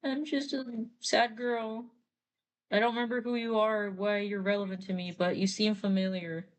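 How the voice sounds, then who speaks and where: A woman's voice: mid-range voice, little pitch movement, normal speed, lightly acted. A woman voicing a timid, frightened young girl who is on the run. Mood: pleading.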